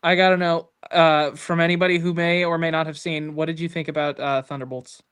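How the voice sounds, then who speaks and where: A man in a casual livestream chat who speaks in a polite, measured, slightly formal way. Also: on the high side, flat delivery, a bit bright, clear, resonant tone.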